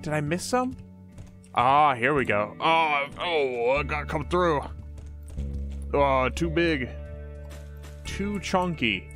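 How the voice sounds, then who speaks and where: A man plays a horror game and comments as he goes, goofy and talking to himself. His voice is bright, his pitch swings widely, and soft game music plays behind him. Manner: goofy, talks to himself, exclaims often. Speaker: gamer. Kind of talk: let's play commentary.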